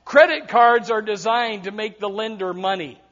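High-voiced preaching man, dull recording. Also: moderate pace, fairly bright tone. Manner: emphatic preaching with repeated words and direct asides to the congregation. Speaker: pastor. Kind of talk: sermon.

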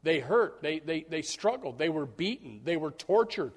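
A man's voice: on the high side, big pitch swings, moderate pace, husky. A man preaching a sermon to his congregation, acting out quoted voices and repeating words as he builds his points. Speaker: pastor.

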